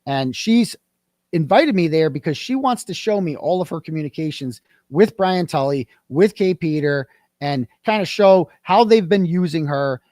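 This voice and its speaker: A man's voice: on the high side, moderate pace, no room sound. Guy on an interview telling a story, acts out what people said, bouncy voice, dry sound. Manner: animated, acts out quoted dialogue. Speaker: guest.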